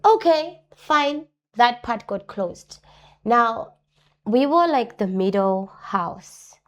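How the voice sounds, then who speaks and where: Speaking slowly in a voice on the high side, a woman gives her personal testimony as a guest in an interview. She is earnest, repeats important phrases to stress them and voices other people's lines with animation.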